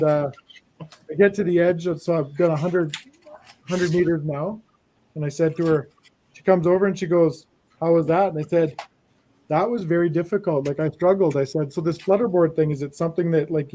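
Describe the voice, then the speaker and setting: A man's voice: a little high, moderate pace, low-quality recording. A man hosting a casual chat, telling a funny story and acting out both sides of the conversation. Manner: storytelling, animated retelling with quoted dialogue. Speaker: host.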